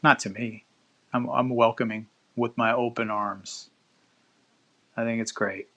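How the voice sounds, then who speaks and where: A man's voice: mid-range voice, steady tone, a little slow, a bit bright. A man hosting a live-stream podcast, chatting casually with listeners and reading news aloud with loose, profane asides. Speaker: podcast host.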